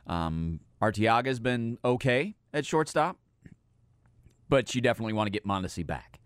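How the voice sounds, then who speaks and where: A man's voice: medium pitch, animated, normal speed, clear, resonant tone, no echo, clean studio sound. A middle-aged man hosting a sports radio show, chatting casually about baseball in a rambling, self-deprecating way.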